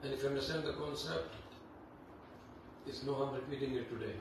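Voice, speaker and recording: In an echoey temple hall, a man with a gravelly, medium-pitched voice leads a Bhagavatam class, talking unhurriedly and conversationally with lots of fillers and chanting in Sanskrit. The mic is distant and background noise is audible.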